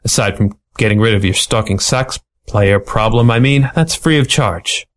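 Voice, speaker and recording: A man voicing a small, sardonic male ferret private eye with a hardboiled, fast-talking manner. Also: lowish voice, natural voice. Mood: wry.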